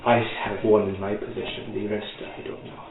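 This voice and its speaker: A man as game master voicing a frail ancient woman, a weary and sorrowful timekeeper, slow, solemn and mournful. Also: on the low side, little pitch movement, creaky. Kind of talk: voicing a character in a tabletop game. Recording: echoey, tinny online call with music.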